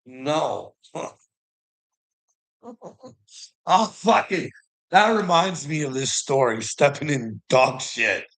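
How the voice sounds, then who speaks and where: A man's voice: medium pitch, slow pace, pauses often, a bit bright. A Canadian man in a rambling casual monologue, swearing a lot and laughing often between sentences.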